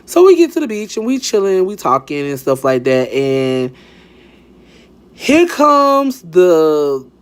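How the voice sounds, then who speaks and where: A young man telling a casual storytime, sassy and dramatic, swearing freely and acting out the dialogue. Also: fairly high pitch.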